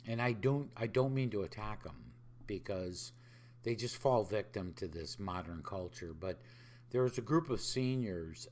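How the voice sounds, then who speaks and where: A man's voice: low voice, lively intonation, a little slow, a little mellow. A man hosting a podcast, talking in a casual reflective way, often asking rhetorical questions and voicing other people's lines in dialogue. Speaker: podcast host.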